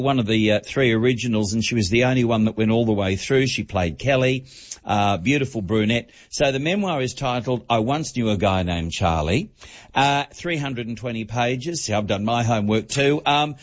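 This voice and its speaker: Man reviewing a book on radio. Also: mid-range voice. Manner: quick, many fillers and restarts. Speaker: entertainment reporter. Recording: dull broadcast audio.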